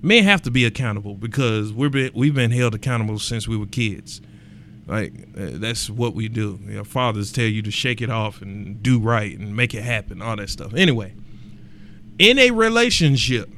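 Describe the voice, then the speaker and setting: A man's voice: fairly low pitch, moderate pace, slight background noise. Emphatic man ranting on a podcast. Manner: animated and emphatic, rising to loud exclamations; colloquial, repeats words for emphasis. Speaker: podcast host. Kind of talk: casual podcast rant.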